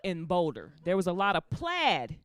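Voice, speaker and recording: A woman's voice: fairly low pitch, moderate pace, background noise. A woman doing a stand-up comedy set, telling stories and acting out the voices of the people in them. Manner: animated storytelling, acts out voices of people in the story.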